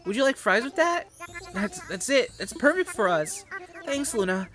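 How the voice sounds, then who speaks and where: A man's voice: very high-pitched, big pitch swings, moderate pace, fairly bright tone, voice pushed up, heavily acted. A man reading out a cheerful game villager's lines in a raised, bubbly, sing-song voice. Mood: chipper. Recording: game music behind the voice.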